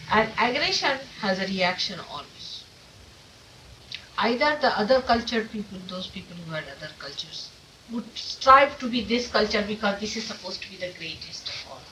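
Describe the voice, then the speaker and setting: Woman spiritual teacher, forceful and emphatic, rhetorical questions; old off-mic tape with light hiss. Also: mid-range voice, animated, moderate pace, distant mic, low-quality recording. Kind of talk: informal talk to followers. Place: meeting room of an ashram.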